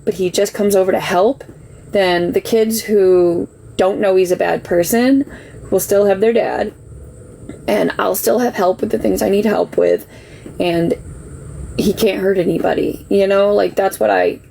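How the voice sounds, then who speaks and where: A woman talks through her side of things on a casual live stream, her voice gravelly with a lot of fry. She rambles in an emotional, defensive way and leans on "like" constantly. A faint background hum runs under her voice. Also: mid-range voice, fairly even intonation, unhurried, warm tone, low-quality recording. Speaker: livestreamer telling her side.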